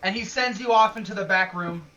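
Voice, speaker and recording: A man's voice: high-pitched, fairly quick, bright, forceful tone, highs cut off. A man narrating a tabletop game as game master, casual and laughing.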